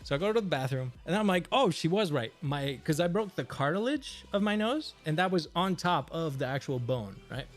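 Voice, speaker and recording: Animated young man telling a story. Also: a little high, a little fast, hardly any pauses, faint music behind. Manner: animated, swears freely, laughs while telling. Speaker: streamer. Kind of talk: casual storytelling.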